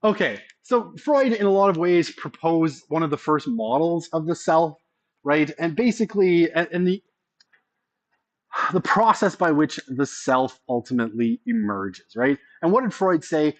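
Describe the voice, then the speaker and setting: A man's voice: a little high, animated, a little slow. A man giving a casual college sociology lecture, often checking in with the class by asking "right?".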